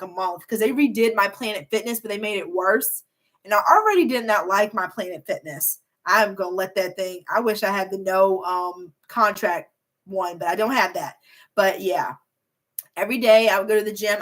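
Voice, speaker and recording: A young beauty and hair YouTuber with a medium-pitched voice chats on a livestream, going through viewer comments. Her manner is bubbly and rambling, full of filler words.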